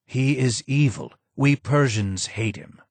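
A man voicing a bitter, ailing old Persian man who speaks hoarsely and forcefully. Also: medium pitch, takes it slowly, no echo, pitched above the performer's own voice.

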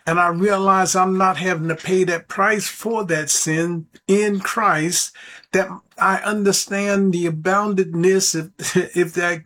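High-voiced earnest male preacher. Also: fairly bright tone. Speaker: radio preacher. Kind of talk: sermon.

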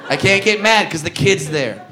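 High-voiced ranting stand-up man. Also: lively intonation, normal speed, soft background music. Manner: ranting, shouting punchlines, profane. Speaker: stand-up comedian. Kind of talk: stand-up routine. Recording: live noisy comedy club.

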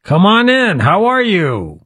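A man's voice: high voice, huge pitch swings, slow pace, very noisy. A man hosting a radio talk show, teasingly quizzing a mystery guest. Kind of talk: playful radio interview.

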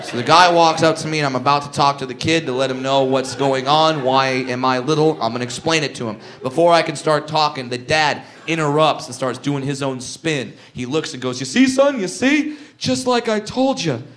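A man's voice: medium pitch, fairly even intonation, fairly quick, few pauses, a bit bright. A man doing a stand-up comedy set, brash and profane with mock indignation, recorded live in a comedy club on a handheld mic.

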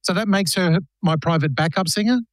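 A man's voice: high voice, a little fast, no room sound. A man hosting a radio show in casual banter, playfully telling dad jokes. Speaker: radio host.

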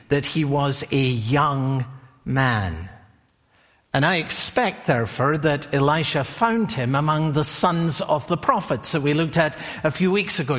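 A male preacher giving a sermon in a deliberate storytelling manner, often asking listeners questions. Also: fairly high pitch, fairly bright tone. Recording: long hall reverb.

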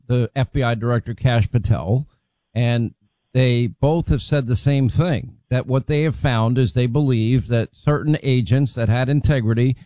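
Mellow dry-voiced male host. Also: mid-range voice, dry recording. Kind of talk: interview talk.

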